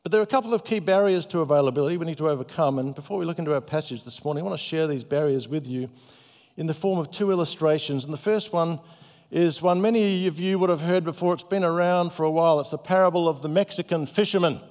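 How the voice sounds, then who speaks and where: A male pastor giving a sermon in a gentle, conversational, self-deprecating way. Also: a little high, fast talker. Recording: long hall reverb.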